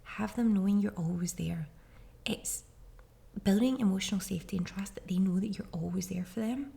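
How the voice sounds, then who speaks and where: Gravelly-voiced woman giving parenting advice. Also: medium pitch, a little fast, mellow. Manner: chatty and reassuring, speaks directly to listeners. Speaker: podcast host. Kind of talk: casual parenting advice monologue.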